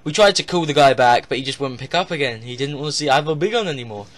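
A man's voice: medium pitch, lively intonation, fast talker, a bit bright. A man casually closing out a video, apologetic and full of fillers. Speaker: channel host.

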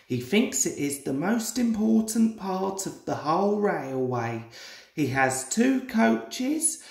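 A man's voice: high-pitched, creaky. A young man in his twenties reading a children's storybook aloud as a storyteller. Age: 20s. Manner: slow, lively storybook reading. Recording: roomy echoey room.

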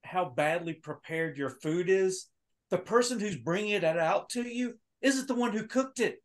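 A man on a podcast panel, chatting casually in a measured, reasonable way. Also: sits high, lively intonation. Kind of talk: casual chat.

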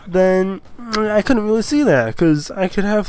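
A man's voice: high-pitched, animated, a little slow, a little mellow, a little hiss or hum. A young man sounding a bit sick, chatting casually and jokily as an online commentator reading out odd laws, with lots of fillers and goofy asides. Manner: rambling and jokey, with many fillers and silly voices.

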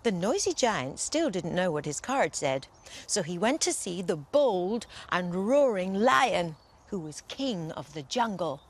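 Slow, expressive woman storyteller. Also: lowish voice. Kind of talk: bedtime story reading.

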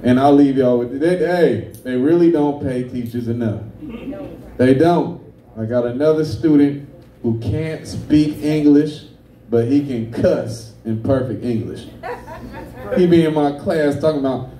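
A man's voice: mid-range voice, a little slow, warm tone, echoey room, distant mic. A man doing a brash, profane stand-up comedy set, telling stories. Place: comedy club stage.

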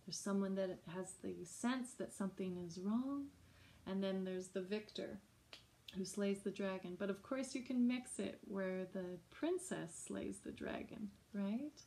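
A woman music teacher talks other teachers and parents through classroom ideas in an easy, unhurried way. Her voice is mellow and soft-edged, and she speaks slowly and gently. Her delivery is informal and chatty, like a friendly workshop. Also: medium pitch. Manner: gentle, chatty, breaks into short sung examples. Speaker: early childhood music educator.

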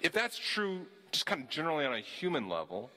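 A man's voice: on the high side, huge pitch swings, fairly quick, pushed and bright. A man from the Southern US preaching a sermon with a slight Southern accent, earnest and often repeating words as he restarts his phrases. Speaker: pastor.

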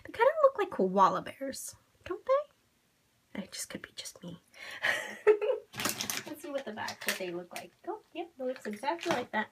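A giddy woman gushes over her blind-box finds, her high voice leaping all over the place as she swings from delighted squeals to hushed whispers. She sounds jittery with excitement, filming herself at home. The recording is noisy, with packaging crinkling behind her. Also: a little slow, long pauses. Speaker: vlogger opening blind boxes. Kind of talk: excited unboxing chat.

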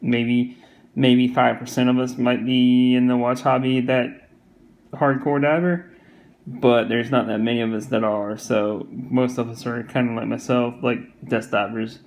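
Southern male reviewer, gravelly, flat delivery, rambling casual talk. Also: medium pitch, measured pace, dull audio, slight background noise. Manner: rambling, repeats himself, many fillers. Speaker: watch reviewer.

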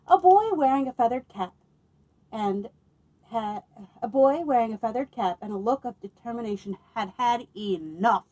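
A woman working as a children's librarian, reading picture books aloud to children with expressive delivery and playful asides. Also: a little high, normal speed, poor audio.

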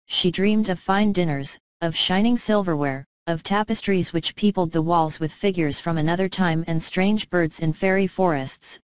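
Smooth low-voiced woman narrating a story. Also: dry recording, poor audio. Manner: calm, measured storytelling. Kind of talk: scripted narration.

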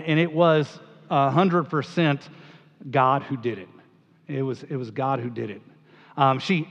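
A middle-aged man, a pastor, giving a memorial eulogy in a relaxed, humorous storytelling way. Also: a little high. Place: church hall. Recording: dull sound with long church reverb.

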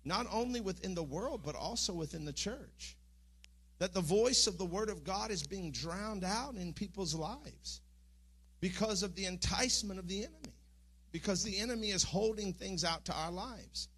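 A man's voice: high voice, expressive, moderate pace, fairly bright tone, slightly rough. Earnest man preaching a sermon. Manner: earnest, rising to impassioned pleading. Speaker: pastor. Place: church sanctuary.

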